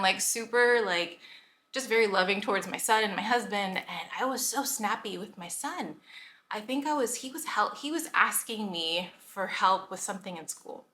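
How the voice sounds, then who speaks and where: A woman in her thirties chatting casually to camera as a vlogger, full of "like" fillers and quick laughs. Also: mid-range voice, sharp tone, roomy sound.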